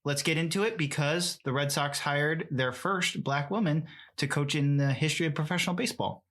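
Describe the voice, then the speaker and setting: A man's voice: a little high, a little fast, fairly bright tone. A man co-hosting a casual podcast, leading the topics and reading out news items. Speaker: podcast co-host. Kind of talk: casual chat.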